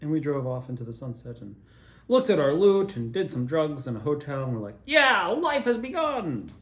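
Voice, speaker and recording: A man's voice: medium pitch, animated, a little fast, mellow. A man rambles through his own wild stories with a middling voice, cursing and chuckling as he drifts off track. The sound carries the echo of a roomy space around him. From Altoona area, Pennsylvania. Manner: loose, digressive, swearing, laughing at own stories. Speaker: storyteller. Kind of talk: rambling personal storytelling.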